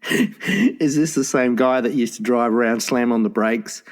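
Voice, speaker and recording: A man's voice: mid-range voice, a little slow. A man co-hosting a comedy podcast, crude and teasing, laughing often. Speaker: podcast co-host. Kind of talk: casual comedy chat.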